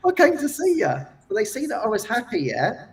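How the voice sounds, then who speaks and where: A man telling a personal story in casual chat, animated and laughing often as he acts out quotes. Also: extremely high pitch, a little fast. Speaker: guest. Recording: distant from the mic.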